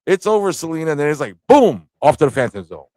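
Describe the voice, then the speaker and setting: A man co-hosting a casual movie review chat, excitable and laughing, acting out scenes as he talks. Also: a little high, fast, no room sound. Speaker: podcast co-host.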